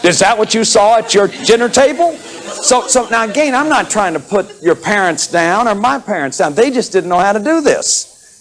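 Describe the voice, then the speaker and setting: Animated man in his fifties lecturing. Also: sits high, moderate pace, low-quality recording. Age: 50s. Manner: animated, acts out examples, laughs often; repeats words, restarts sentences. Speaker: therapist lecturing on inner child work. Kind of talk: lively lecture to an audience.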